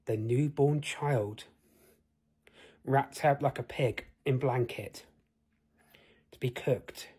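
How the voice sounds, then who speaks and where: A man's voice: medium pitch, slow pace, long pauses, a little mellow, breathy edge. A man telling an improvised fantasy tale in a rambling way, asking the listener questions. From United Kingdom. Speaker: storyteller.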